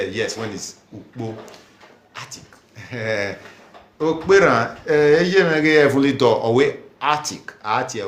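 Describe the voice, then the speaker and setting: A man with a mid-range voice leads a language lesson at an unhurried pace. He says each word over and over for learners to copy and stops to read out viewers' comments. The room around him gives his voice a noticeable echo. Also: medium pitch. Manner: slow, repeats words for learners to copy. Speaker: language teacher. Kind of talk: teaching a language lesson live.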